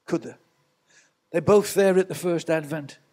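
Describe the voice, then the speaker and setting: Pastor guy preaching in church, bit high voice, chatty storytelling with asides. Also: measured pace, a little mellow. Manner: storytelling, rhetorical asides to the congregation. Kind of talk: sermon.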